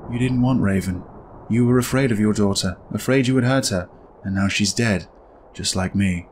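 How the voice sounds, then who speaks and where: A man reading aloud the lines of a grieving dead wife from a game, in a soft, hushed voice. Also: lowish voice, moderate pace, slight background noise, natural voice. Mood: hushed, accusing.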